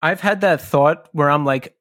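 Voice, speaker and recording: Chatty male host, higher voice. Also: moderate pace, a bit bright, no room sound, clean studio sound. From New York City. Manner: friendly, chatty questioner. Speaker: podcast host. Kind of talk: casual interview chat.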